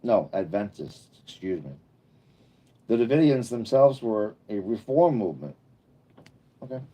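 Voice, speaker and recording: This is a man in his fifties hosting a casual livestream. His voice sits low, with a mellow, unforced tone. He rambles easily between comments, tossing in jokey asides as he goes. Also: very animated, a little slow. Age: 50s. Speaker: livestream host.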